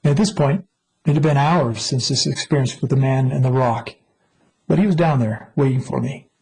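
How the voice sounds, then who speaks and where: Husky-voiced man telling a rescue story. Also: medium pitch, normal speed, darkish tone, poor audio. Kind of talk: personal testimony talk.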